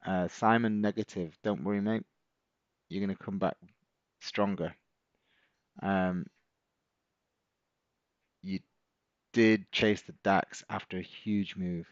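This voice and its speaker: A man's voice: low-pitched, fairly even intonation, slow pace, long pauses, no echo, lo-fi sound. A middle-aged man, hosting a live stream as a trading coach, chatting casually and encouraging viewers as he reads out their comments.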